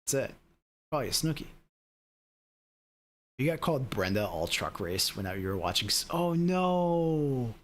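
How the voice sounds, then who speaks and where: A man's voice: lowish voice, expressive, normal speed, pauses often, a bit bright, breathy edge. A man streaming sim racing, chatting casually and rambling to his viewers with lots of fillers. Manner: rambling, talks straight to chat with lots of fillers. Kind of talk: casual live-stream chat.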